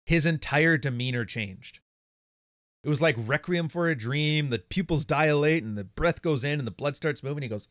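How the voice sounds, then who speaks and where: A man's voice: a little high, animated, moderate pace, a bit bright, dry recording. A man hosting a casual monologue from his home studio, blunt and profane, often laughing. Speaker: podcast host.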